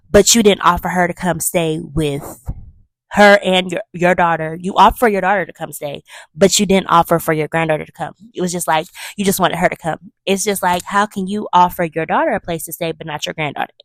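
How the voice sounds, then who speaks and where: A woman hosting a casual movie review, chatty and animated as she retells scenes with emphatic asides. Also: lowish voice, a little fast, no room sound, studio quality.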